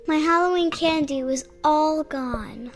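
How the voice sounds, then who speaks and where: A woman voicing a hungry, curious young girl reading her diary aloud in a game, in a soft childlike voice. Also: sits high, unhurried. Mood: dreamy. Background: game music.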